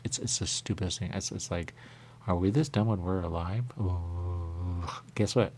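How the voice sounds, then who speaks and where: A man hosting a radio show, rambling through a spiritual monologue with a repeated refrain and sudden high voices when he quotes others. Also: fairly even intonation, normal speed, darkish tone, a little hiss or hum. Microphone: radio studio mic.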